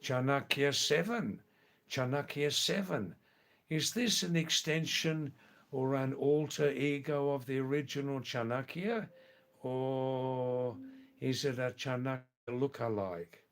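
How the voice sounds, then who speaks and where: An older man with an Australian accent hosting a live stream, answering viewer messages one by one in an unhurried way and often repeating his words. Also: mid-range voice.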